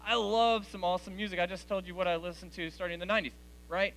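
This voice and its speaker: A man in his forties gives a youth sermon to teenagers in a church hall, speaking directly and conversationally and calling them "guys." His voice sits high and a bit bright, fast with fairly even intonation, over slight background noise.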